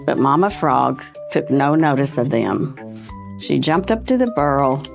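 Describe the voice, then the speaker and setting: Woman reading a children's book, low voice. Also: sing-song, measured pace, vocal fry, over music. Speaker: historical society president. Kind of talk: children's book read-aloud.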